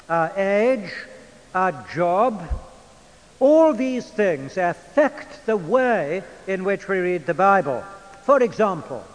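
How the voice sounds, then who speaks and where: An older man with an English accent preaching a sermon in a church, in a measured, emphatic manner. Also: sits high. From England. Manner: measured, emphatic delivery with drawn-out phrases. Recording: long church reverb.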